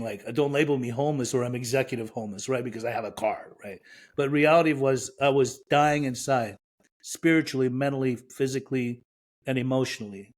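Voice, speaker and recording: A man from Iran, a podcast guest, frankly and reflectively telling his own recovery story with self-mocking humor. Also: medium pitch.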